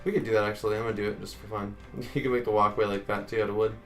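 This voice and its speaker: A man's voice: fairly low pitch, little pitch movement, very fast, soft background music. A man hosting a casual game-building tutorial, talking chattily to viewers and counting blocks aloud. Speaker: Minecraft tutorial host.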